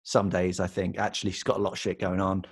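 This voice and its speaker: A British man co-hosting a podcast, chatting casually and telling an animated story with frequent laughter. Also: low voice, quick pace, slightly rough. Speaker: podcast co-host. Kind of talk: casual chat.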